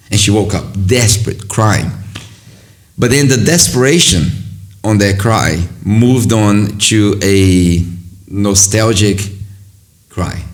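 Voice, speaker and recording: A middle-aged man hosting a casual conversation, earnest and rambling, often restarting his sentences as he reflects. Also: lowish voice. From from another country. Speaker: host.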